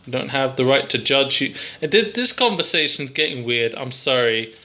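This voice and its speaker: A man's voice: medium pitch, animated, normal speed, bright, forceful tone. A young English man rambling through a casual, giggly, self-deprecating card review.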